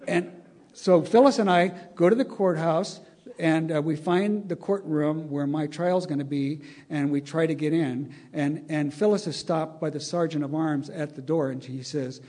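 A man's voice: fairly high pitch, steady tone, normal speed, mellow. An older man telling a long, wry anecdote to an audience, chuckling as he acts out the dialogue. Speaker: storyteller.

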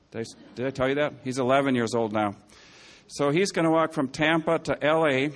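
A man giving an anecdotal speech to an audience, rambling with frequent self-corrections, asides and dry humor. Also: medium pitch. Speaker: public speaker.

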